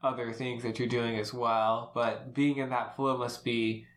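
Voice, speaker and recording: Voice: mid-range voice, little pitch movement, unhurried. Encouraging host in an echoey room. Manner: encouraging, affirming, laughs often. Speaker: podcast host. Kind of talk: casual interview. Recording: roomy echo, faint noise.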